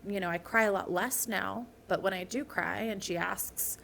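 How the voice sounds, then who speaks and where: A woman's voice: mid-range voice, fairly even intonation, normal speed, creaky, few pauses, fairly bright tone. A woman in her thirties, a podcast guest, speaking earnestly about her own life in a candid interview. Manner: earnest, personal storytelling. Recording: faint background noise.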